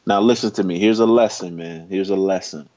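This is a man with a very low voice, talking casually as an interview guest and leaning hard into his storytelling. He sounds like he is in his forties. The recording is dull and a bit lo-fi. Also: brisk. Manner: emphatic, animated storyteller.

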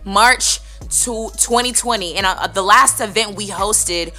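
A woman co-hosting a radio show, chatting in an energetic, casual way and often saying "listen" while giving shout-outs. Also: medium pitch, unhurried, faint music behind. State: voice still recovering.

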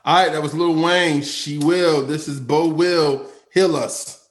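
A man hosting a casual music show, relaxed and slangy, laughing easily. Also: on the high side, measured pace, echoey room, background noise. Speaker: show host. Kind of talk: casual chat.

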